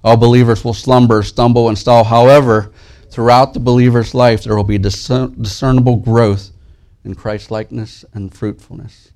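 A man preaching a sermon as pastor, soft and slow in prayer, lifting his voice when he reads scripture aloud. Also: medium pitch, little pitch movement. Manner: earnest, rises and grows louder when reading scripture.

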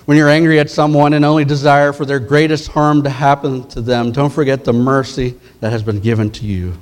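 A man preaching a sermon, retelling parables in a conversational way and dropping his voice low and soft for key words. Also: fairly even intonation, brisk. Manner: conversational storytelling, dropping to soft intense tones for quoted lines.

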